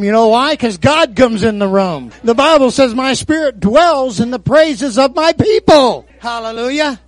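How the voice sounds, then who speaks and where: A man's voice: extremely high pitch, no echo. A man preaching a sermon in a call-and-response style, peppering his talk with amens and hallelujahs. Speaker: pastor.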